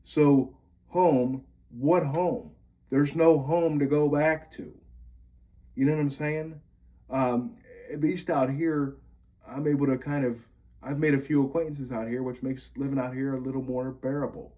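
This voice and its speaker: A man's voice: mid-range voice, fairly even intonation, measured pace, dull audio. A man from Pennsylvania venting bitterly to camera, swearing often as he rants. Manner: bitter, profane ranting. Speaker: vlogger.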